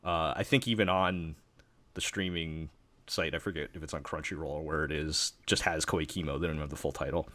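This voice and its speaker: Male podcast host from New York, very low voice, dry sound, loose rambling delivery. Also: steady tone, brisk, bright, forceful tone, no room sound. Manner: rambling, many fillers and restarts. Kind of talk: casual chat.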